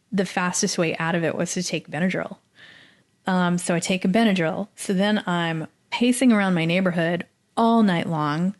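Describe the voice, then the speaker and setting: A middle-aged woman from Dallas, Texas, telling her story as a podcast guest, animated and acting out the people she quotes. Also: fairly low pitch. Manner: animated, acts out quoted voices. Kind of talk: casual storytelling interview.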